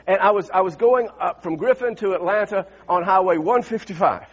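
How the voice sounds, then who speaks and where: A man's voice: high-pitched, brisk, slightly rough, highs cut off. A middle-aged man preaching a sermon, calling the congregation to say lines back and telling a personal story with rising fervor. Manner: calls on congregation to repeat lines, builds to shouts. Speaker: pastor.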